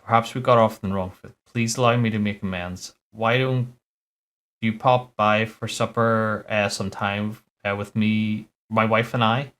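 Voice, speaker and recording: A man's voice: on the low side, steady tone, normal speed, fairly bright tone, natural voice. A man reading aloud as an anxious, polite man who speaks formally and apologises often. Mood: urgent. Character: polite anxious middle-aged man, urgent neighbour.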